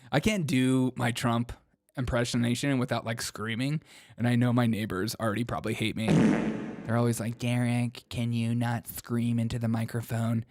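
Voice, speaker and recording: A man's voice: medium pitch, moderate pace, dry recording, clean studio sound. A man hosting a casual political reaction show, joking and mocking what he plays. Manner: joking, mocking, lively, laughs often. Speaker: political commentary host.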